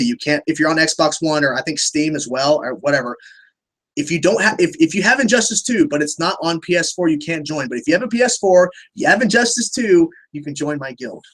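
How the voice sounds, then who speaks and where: A young man with a fairly high, fairly bright voice hosts a casual livestream. He answers viewer questions in a rambling style, restarting sentences and swearing freely.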